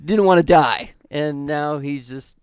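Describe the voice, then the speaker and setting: Co-host, man, relaxed recap, resonant and higher pitched, dry sound. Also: a little slow, smooth, no room sound. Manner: laid-back, swears casually while summarizing. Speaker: podcast co-host. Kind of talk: casual recap chat.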